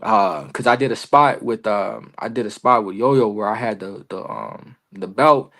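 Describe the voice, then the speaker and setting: A young man talks through his wrestling stories on a remote podcast call, animated and full of street slang. His voice sits at an ordinary middle pitch for a man. He tells it loose and conversational, acting out the lines he quotes. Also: normal speed, creaky. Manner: animated, slangy, lots of "bro" and "you feel me". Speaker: wrestler guest. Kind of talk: casual interview storytelling.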